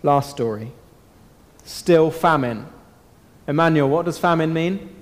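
Speaking to children in a church hall, a man gives a lively Bible talk, asking them questions and holding dramatic pauses. His voice is slightly high, and a long reverb trails after his words.

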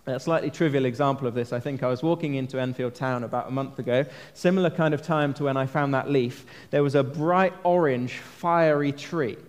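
A man's voice: mid-range voice, fairly quick, hardly any pauses. A man preaching a sermon in a church, earnest and conversational, often asking his listeners questions. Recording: long reverb of a large hall.

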